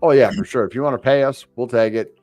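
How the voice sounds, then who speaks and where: A man's voice: mid-range voice, fast talker, darkish tone, no echo, soft background music. A tired, yawning man co-hosting a casual crypto livestream, laid-back and full of fillers. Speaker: crypto show co-host.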